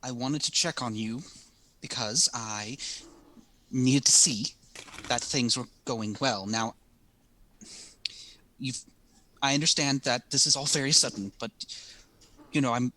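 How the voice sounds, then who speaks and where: A man's voice: mid-range voice, measured pace, long pauses, pushed and bright. A man playing a worried middle-aged mother in a tabletop game, pressing her husband with insistent questions. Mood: concerned.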